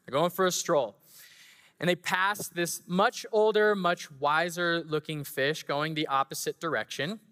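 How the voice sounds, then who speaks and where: Bright-voiced male preacher in a hall. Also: a little high, a little slow. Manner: playful, animated storytelling. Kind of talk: sermon. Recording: long hall reverb.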